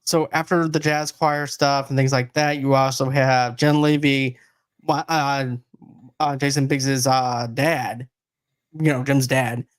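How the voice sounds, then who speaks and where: A man's voice: medium pitch, level tone, slow. A man co-hosting a casual movie review podcast, easygoing and agreeable as he retells scenes. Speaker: podcast co-host.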